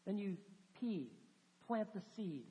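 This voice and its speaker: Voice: medium pitch, animated, takes it slowly, mellow. A preacher giving a sermon, telling stories with animation and acting out quoted dialogue. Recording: dull sound with long hall reverb.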